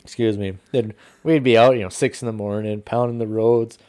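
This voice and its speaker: A man telling hunting stories in casual podcast chat, profane and animated. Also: fairly low pitch, fairly quick.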